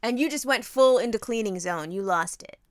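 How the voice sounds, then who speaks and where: A woman co-hosting a podcast in casual chat, animated and profane, laughing often. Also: a little high, fairly quick, dry recording, studio quality. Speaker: podcast co-host.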